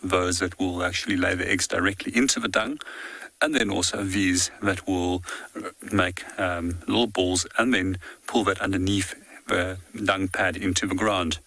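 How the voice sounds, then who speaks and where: Brief: male bush guide, low and bright, dry close sound, patient teaching manner. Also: moderate pace, vocal fry, no room sound, low-quality recording. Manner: calm, explanatory, teaching tone. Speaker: safari guide. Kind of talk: live field commentary on a walking safari. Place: outdoors in the bush on foot.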